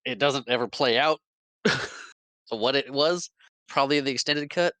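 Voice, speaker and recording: Poor, dry audio captures a man with a mid-range, slightly bright voice speaking at a moderate pace as he co-hosts a podcast. Chatting casually, he recaps a movie scene by scene, restarting frequently and adding small laughs.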